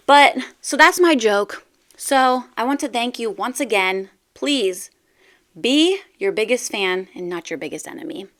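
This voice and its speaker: A woman podcast host with a bright, forward voice that sits a little high. She speaks in an encouraging, upbeat way and tells stories with animation. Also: lively intonation, a little slow. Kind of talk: upbeat motivational talk and joke-telling.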